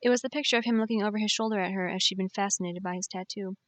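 A woman reads a novel aloud in measured, expressive audiobook narration. Her voice sits at a middle pitch, and the close mic gives it a dry sound with no room around it. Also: no room sound.

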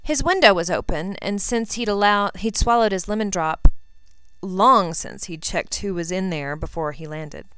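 A woman reading a fan fiction story aloud, narrating in an even, unhurried way. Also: medium pitch, clean tone. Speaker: reader.

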